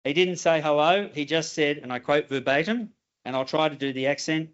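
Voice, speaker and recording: A man's voice: fairly high pitch, clean tone. Man telling a ceremony story. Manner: storytelling, with halting restarts. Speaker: company head giving a ceremony speech. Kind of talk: formal speech with anecdotes. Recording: slightly dull lo-fi recording.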